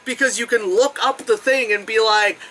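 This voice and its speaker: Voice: moderate pace, rough recording. A vlogger telling a travel story in a casual, rambling way, full of fillers and frequent swearing. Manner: animated, jumping between high and low tones.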